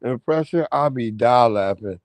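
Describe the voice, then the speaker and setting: A man's voice: mid-range voice, animated, unhurried, dry recording, voice pushed down, natural voice. A man briefly doing the voice of his playful, affectionate female cousin. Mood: teasing.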